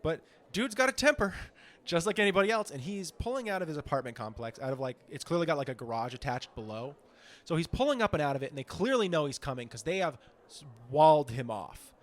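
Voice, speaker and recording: A man co-hosting a comedy podcast in casual, rambling chat, swearing often and acting out quotes in a high voice. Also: lively intonation, fast talker. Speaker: podcast co-host.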